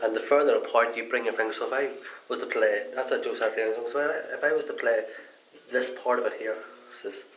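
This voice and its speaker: A man's voice: medium pitch, steady tone, fast, low-quality recording. A man chatting his way through a casual hands-on guitar repair demonstration in a folksy, rambling manner.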